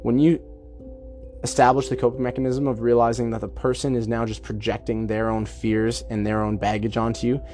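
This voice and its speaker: Man, mid-pitched, talking solo on a podcast, chatty and reflective, soft music faintly underneath. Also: flat delivery, brisk. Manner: chatty, acts out imagined dialogue. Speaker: podcast host. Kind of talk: casual self-help monologue.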